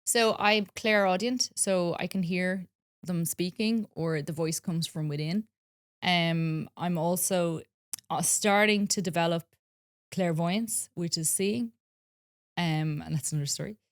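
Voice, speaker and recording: A woman talking earnestly in a casual podcast chat, telling stories with many pauses and ums. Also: on the low side, no room sound, clean studio sound. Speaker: spiritual wellness guest.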